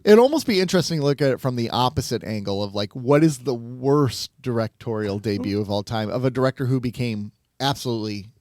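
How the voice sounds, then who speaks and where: A man's voice: mid-range voice, lively intonation, darkish tone, no room sound, studio quality. A man co-hosting a casual podcast chat, joking, laughing often and reeling off lists. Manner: laughs often, jokey, lists things off quickly. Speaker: podcast co-host.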